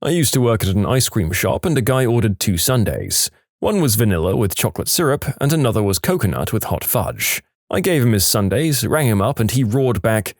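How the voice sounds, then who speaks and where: A man's voice: fairly low pitch, brisk, no room sound, clean studio sound. A man reading funny short stories aloud as a narrator, with wry asides and acted-out quotes. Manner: lively storytelling, acts out quotes, wry asides. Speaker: storytime narrator.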